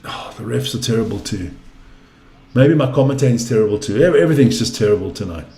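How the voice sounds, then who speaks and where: A man's voice: mid-range voice, animated, fast talker, dark tone. Ranting man in an echoey room. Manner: exasperated, ranting, swears freely. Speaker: live-stream basketball commentator. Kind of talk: casual profane live commentary.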